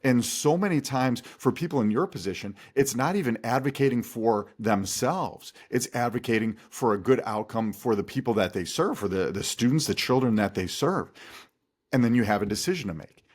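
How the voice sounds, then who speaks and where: A man who is a guest expert, giving calm, instructive answers in an interview. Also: medium pitch, moderate pace, breathy edge. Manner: calm, instructive, steady delivery.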